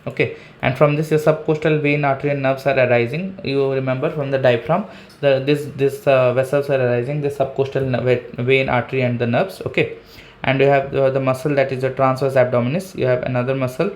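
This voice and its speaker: Speaking briskly at medium pitch with little pitch movement, a man with an Indian English accent teaches anatomy online. He works through the material step by step, points at a diagram, and says "okay" frequently.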